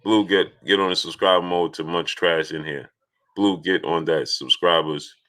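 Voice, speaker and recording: A man's voice: sits low, steady tone, a little slow. A man hosting a casual live stream, reading out viewer names to greet them and arguing his points. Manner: reads out viewer names and greets each one; grows loud and insistent when arguing.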